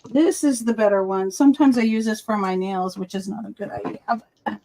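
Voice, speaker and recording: A woman's voice: mid-range voice, a little fast, mellow, a little hiss or hum. A woman co-hosting a casual crafting livestream, chatting over a video call and telling stories, often switching into cooing baby talk for her dog. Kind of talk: casual chat.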